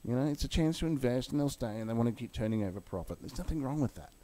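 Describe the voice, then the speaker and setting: In a video, a man with a mellow, mid-range voice rants heatedly about the crypto market, swearing bluntly, then walks through chart analysis. He speaks expressively and at a quick pace, mixing angry rant with chart commentary.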